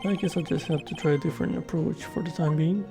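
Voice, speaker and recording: A man's voice: a little high, steady tone, fast, music in the background. A man hosting a let's play, reading the game's dialogue and commenting in a laid-back, self-deprecating way.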